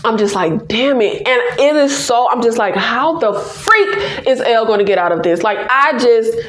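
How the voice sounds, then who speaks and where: A woman recapping a TV episode in an excited, casual way, exclaiming and laughing as she addresses viewers directly. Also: on the high side, normal speed, echoey room, a little hiss or hum. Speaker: TV episode reviewer.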